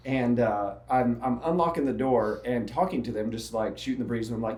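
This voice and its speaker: A man's voice: mid-range voice, fairly quick, a little mellow, reverberant. A man working as a real estate agent, telling stories in a casual chat and laughing often.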